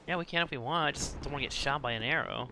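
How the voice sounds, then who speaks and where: A man giving casual, jokey game commentary while playing co-op, with excitable yelps and laughs. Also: mid-range voice, racing, vocal fry, a little hiss or hum. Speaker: co-op let's play gamer.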